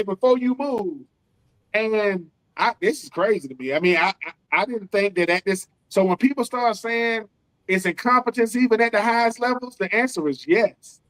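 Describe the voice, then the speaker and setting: High-voiced animated male sports co-host. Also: rough recording. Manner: animated, slangy, acts out quoted people. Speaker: co-host, former football player. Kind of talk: casual sports podcast chat. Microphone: streamed remote call.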